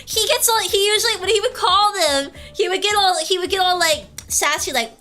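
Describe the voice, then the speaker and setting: A woman's voice: very high-pitched, brisk, few pauses, faint music behind. A young woman streamer chatting casually and telling stories, laughing often. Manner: giggly, animated storytelling. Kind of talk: casual chat with chat.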